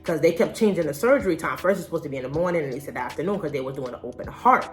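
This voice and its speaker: A woman's voice: low-pitched, expressive, very fast. A young adult woman telling a personal story in a casual vlog, candid and slangy. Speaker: vlogger.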